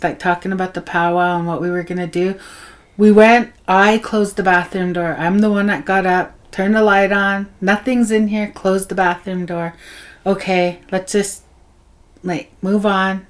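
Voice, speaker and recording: A woman telling a ghost story on a podcast in a casual, animated way, acting out other people's lines and laughing often. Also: medium pitch, moderate pace. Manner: animated, acts out others' voices in her tales. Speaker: podcast guest, host's wife.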